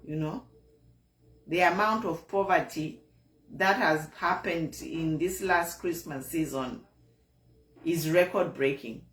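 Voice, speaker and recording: A woman with a Zambian accent delivers a slow, unhurried political monologue as host of an online show. She talks earnestly and repeats herself, with a disappointed tone. Her voice carries a noticeable room echo. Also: low voice.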